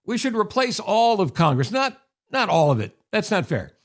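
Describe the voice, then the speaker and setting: High-pitched and sing-song at a normal speed, this older podcast host from upstate New York chats through a wry, casual monologue in his home office, sprinkling in sarcastic asides.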